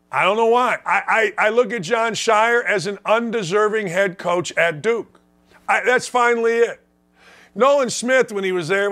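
A man's voice: high voice, bright, forceful tone. A man from Indiana hosting a sports talk show, delivering a blunt, sarcastic, opinionated rant. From Gary, Indiana, US.

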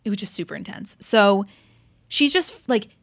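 A woman's voice: medium pitch, expressive, moderate pace, no room sound, studio quality. A young woman co-hosting a podcast, animatedly recapping a reality show episode in casual chat and acting out quotes with plenty of swearing. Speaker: podcast co-host.

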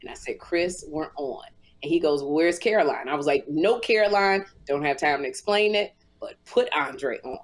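A woman co-hosting a podcast, telling a story with lively energy and acting out both sides of each conversation, in casual speech. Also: low voice, a little fast, hardly any pauses. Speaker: podcast co-host.

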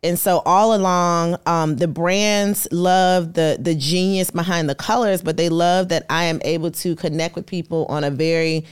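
A woman in her thirties, a podcast guest, telling her story in a lively, animated way and acting out the people in it. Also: fairly low pitch, moderate pace, hardly any pauses, clean tone. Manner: lively storyteller who acts out quoted voices. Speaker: podcast guest, artist and entrepreneur. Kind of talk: animated storytelling in casual conversation.

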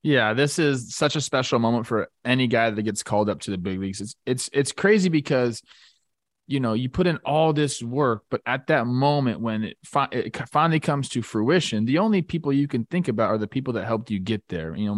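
A man who used to play pro baseball, talking sports in a relaxed, halting way. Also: mid-range voice, dry recording, studio quality. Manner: relaxed, halting, many restarts. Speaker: former baseball player, show guest. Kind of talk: casual sports talk.

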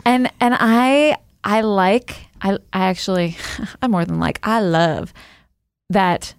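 A woman's voice: medium pitch, takes it slowly, creaky, smooth, dry recording, clean studio sound. A woman co-hosting a casual chat, rambling and giggly, with many restarts.

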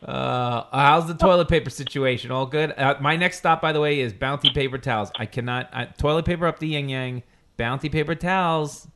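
A man's voice: medium pitch, a little fast, noisy background. A man hosting a casual chat, telling rambling joking stories. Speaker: podcast host.

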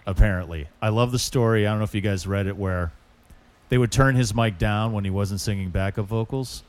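A man's voice: lowish voice, brisk. A man co-hosting a casual podcast chat, joking and rambling as he tells stories. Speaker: podcast co-host.

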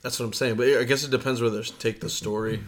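A man's voice: mid-range voice, steady tone, quick pace. Unwell man rambling on a podcast. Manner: rambling, profane, laughs often. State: unwell, voice giving out. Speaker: podcast co-host. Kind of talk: casual podcast chat.

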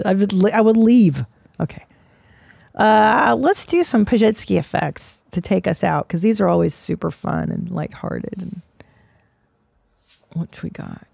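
A woman's voice: on the low side, unhurried, vocal fry, warm tone, no echo. A middle-aged woman hosting a podcast, ranting bluntly and sarcastically with lots of swearing. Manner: profane, blunt, sarcastic rants. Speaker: podcast host. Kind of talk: casual podcast chat.

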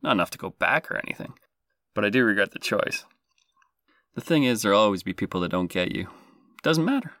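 A man's voice: lowish voice, expressive, fairly quick, pauses often, a bit bright, dry recording, clean studio sound. A man hosting a comedy podcast, talking in a self-deprecating, jokey, sarcastic way. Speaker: podcast host.

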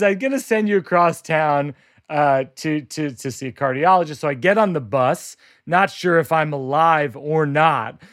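Deadpan man telling a comic story. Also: fairly high pitch, dry recording, clean studio sound. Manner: deadpan, self-deprecating delivery. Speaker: podcast host. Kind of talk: comedic storytelling.

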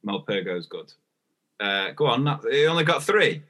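Bright-voiced chatty man. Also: medium pitch, big pitch swings, moderate pace. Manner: chatty storytelling, acts out dialogue. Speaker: podcast co-host. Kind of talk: casual chat.

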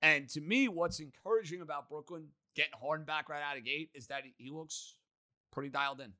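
Male sports host, very bright and forceful tone, slightly high pitch, punchy and energetic delivery. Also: a little fast. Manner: emphatic, energetic. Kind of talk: casual sports chat.

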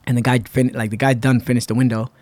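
A man from Massachusetts, a podcast guest, telling a story in animated casual talk, acting out quotes and using many fillers. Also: mid-range voice, fast, no echo. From Massachusetts, USA.

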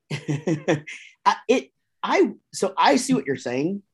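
Husky man, rambling and jokey. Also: sits high, sing-song, drawn-out words. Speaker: guest musician. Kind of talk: casual podcast chat. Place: room with gold records behind him.

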